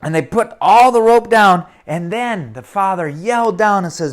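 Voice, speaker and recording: Male children's storyteller, dramatic and animated, addresses young listeners. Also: high-pitched, normal speed, hardly any pauses.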